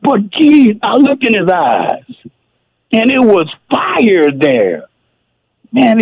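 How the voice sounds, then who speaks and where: A man's voice: sits high, no room sound, dull audio. A man who played football, calling in to a radio show, tearful and exclamatory as he tells his story. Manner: emotional, tearful, exclamatory with "geez". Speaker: former football player, guest. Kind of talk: emotional radio interview storytelling.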